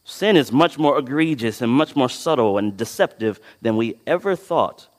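A preacher delivering a sermon who reads scripture with dramatic swells and drops in volume and keeps asking the congregation to fill in the next word. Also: male voice, medium pitch, animated, moderate pace. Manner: asks the congregation to fill in words, then answers himself. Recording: long reverb of a large hall.

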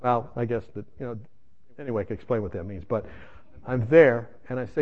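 A man's voice: medium pitch, brisk, muffled recording. A man preaching his personal testimony, telling his story in an emphatic way and speaking straight to his listeners. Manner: emphatic storytelling addressing the audience directly. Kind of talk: sermon testimony.

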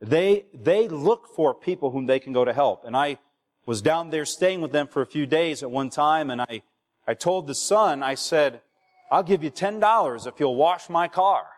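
A man's voice: fairly high pitch, animated, normal speed. A young male pastor preaching a sermon, urging the congregation and asking them for replies. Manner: exhorting, asks the congregation for replies. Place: church hall. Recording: long reverb of a church hall.

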